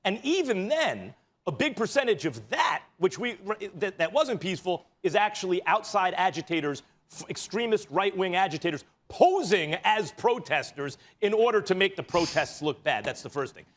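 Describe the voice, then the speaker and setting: Lively-voiced man explaining a point. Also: high-pitched, moderate pace. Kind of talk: explanatory political talk.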